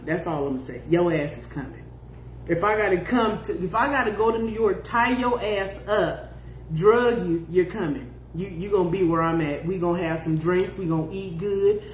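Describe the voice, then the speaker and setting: A woman's voice: mid-range voice, slight background noise. A woman in her fifties hosts a loose live chat, reading viewer comments aloud. She talks bluntly, swears freely and breaks into laughter. Her voice rings in a roomy, echoing space. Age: 50s. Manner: blunt and profane, laughs often. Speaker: podcast host.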